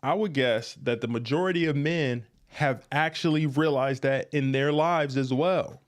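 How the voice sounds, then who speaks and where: A man's voice: mid-range voice, unhurried. Blunt man giving dating advice. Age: adult, past his youth. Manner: emphatic, repetitive, blunt and frank. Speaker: podcast host. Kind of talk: direct-to-listener advice monologue.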